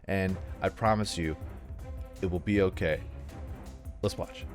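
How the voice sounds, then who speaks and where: Young male let's-play host, low voice, rambling casual chatter, soft music under. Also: fairly even intonation, measured pace. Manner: chatty, rambling, self-mocking. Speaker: gaming video host.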